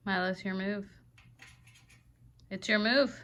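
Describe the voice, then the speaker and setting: A woman talks slowly to her pet bird and her viewers, firm "no"s mixed with sing-song baby talk. Her voice is bright and clear, and she takes her time over each phrase. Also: mid-range voice, slight background noise. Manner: scolding firmly, then cooing in baby talk. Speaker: pet owner filming her parrot. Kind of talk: casual vlog talking to a pet and viewers.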